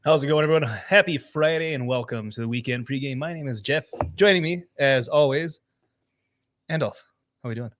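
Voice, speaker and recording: A man's voice: mid-range voice, a little fast, fairly bright tone. A man hosting a casual podcast, upbeat and jokey as he welcomes a guest. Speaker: podcast host. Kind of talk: casual chat.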